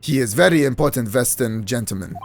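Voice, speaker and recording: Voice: mid-range voice, animated, a little fast, natural voice. A let's-play gamer voicing a grumpy male ship passenger who speaks broken, clipped English in a dismissive way.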